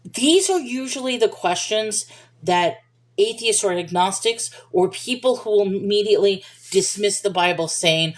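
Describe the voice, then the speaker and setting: Woman, stream host, mid-pitched voice, casual and digressive Bible talk with viewers. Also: lively intonation, moderate pace. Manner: rambling, digressive, apologizes for wandering. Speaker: livestream host answering viewer questions. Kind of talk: casual rambling Bible discussion.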